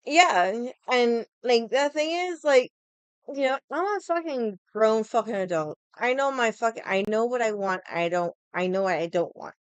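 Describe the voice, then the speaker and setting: A woman's voice: on the high side, animated, normal speed, smooth, no room sound. A young adult woman ranting casually to her stream, swearing a lot and sounding exasperated. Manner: profane, exasperated, mocks others in quoted voices. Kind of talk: casual venting rant.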